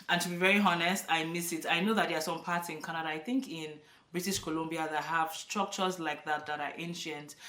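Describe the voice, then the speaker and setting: A woman's voice: on the low side, a bit bright. A woman in her thirties with a Nigerian accent, talking casually and emphatically to camera in a vlog. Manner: chatty, emphatic, laughs often. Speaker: vlogger. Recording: echoey room, a bit far from the mic.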